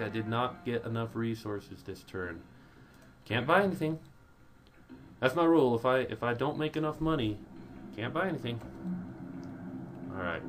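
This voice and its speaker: Excitable man narrating gameplay. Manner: excitable, voice jumps high when panicking; talks directly to viewers. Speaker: let's play commentator. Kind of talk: casual gameplay commentary.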